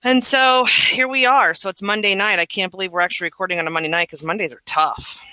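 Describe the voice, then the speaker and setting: Bright, animated woman venting. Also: medium pitch, fast talker, clear, resonant tone, dry recording, low-quality recording. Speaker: podcast co-host. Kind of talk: casual chat.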